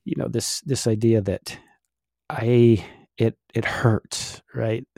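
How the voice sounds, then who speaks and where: A man's voice: mid-range voice, steady tone, slow pace, vocal fry, dark tone, dry recording, studio quality. A middle-aged man co-hosting a casual faith podcast, explaining at length with many fillers. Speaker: podcast co-host.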